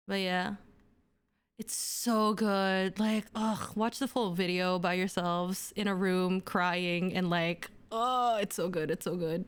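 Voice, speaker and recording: A woman's voice: medium pitch, unhurried, clear, resonant tone. A young adult woman livestreaming, chatting casually and gushing to her viewers, full of fillers. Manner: bubbly, gushing, filler-heavy. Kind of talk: casual stream chat with viewers.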